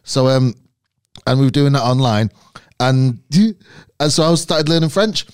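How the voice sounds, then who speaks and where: A man's voice: mid-range voice, expressive, unhurried, a little mellow, smooth, dry recording, clean studio sound. A man talking as a podcast guest, rambling and laughing as he tells stories, with casual swearing. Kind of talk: casual chat.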